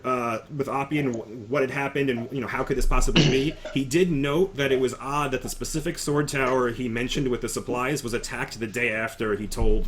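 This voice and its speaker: A man's voice: medium pitch, fairly bright tone, slight background noise. A man recapping the last session of a tabletop game as game master, rambling with fillers.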